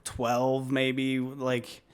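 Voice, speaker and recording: A man co-hosting a podcast in casual chat, rambling with many fillers and trailing off softly. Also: medium pitch, monotone, drawn-out words, smooth. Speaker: podcast co-host.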